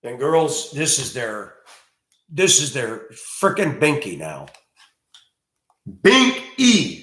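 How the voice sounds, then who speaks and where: A man ranting crudely in a monologue, breaking into loud outbursts and mocking voices. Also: medium pitch, very animated, slow pace, echoey room. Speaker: host.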